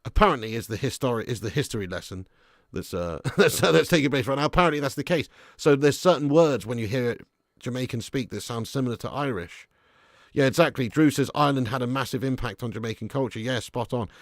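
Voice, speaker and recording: English male stream host, laddish, mid-pitched, dry close sound, jumps from mumbles to loud excitement. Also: fast talker, no room sound. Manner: chatty, laddish, swings from mumbling to excited bursts. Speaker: football watch-along host. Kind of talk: live-stream chat reading comments.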